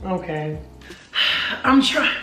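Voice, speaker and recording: A woman's voice: lowish voice, animated, very slow, sharp tone, faint music behind. Gushing young woman in an echoey room. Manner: gushing, slangy, talks to viewers as y'all. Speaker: beauty vlogger. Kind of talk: excited unboxing vlog.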